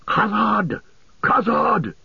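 Man doing a gruff bellowing dwarf warrior. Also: fairly low pitch, takes it slowly, dry recording, heavily acted. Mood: fierce shouting. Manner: gruff bellowing war cries. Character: fierce battle-hungry male dwarf warrior. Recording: tinny radio-like band.

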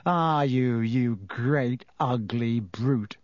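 A man's voice: a little high, darkish tone, no echo, clean studio sound, lightly acted. A man voicing a spoiled teenage boy who drawls and sneers. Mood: sneering. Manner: slow mocking drawl.

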